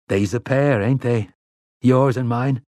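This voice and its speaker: A man's voice: mid-range voice, slow, darkish tone, dry recording, clean studio sound, voice pushed up, natural voice. A man voicing an eager, folksy village foreman in an audiobook.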